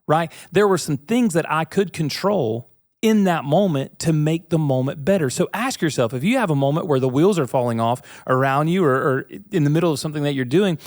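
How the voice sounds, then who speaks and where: A man's voice: fairly high pitch, expressive, brisk, a little mellow, no room sound, clean studio sound. A man in his thirties hosting a faith and leadership podcast, talking to listeners in an earnest, conversational way and asking them questions. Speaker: podcast host. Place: studio suite with bookshelves.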